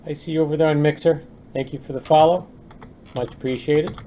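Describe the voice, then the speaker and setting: A man's voice: on the high side, fairly even intonation, fairly quick, mellow, a little hiss or hum. A young adult man streaming game development, chatting casually with viewers and muttering as he works, with faint keyboard typing. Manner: chatty, reads chat aloud and mutters while working. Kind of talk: casual live-stream chat while working.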